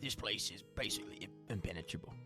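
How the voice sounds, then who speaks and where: Brooding tabletop dwarf played by a man, shaky Scottish accent, rapid delivery. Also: lowish voice, lively intonation, music in the background, lightly acted. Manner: clumsy attempt at a Scottish accent. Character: brooding male dwarf rogue, gruff and guarded.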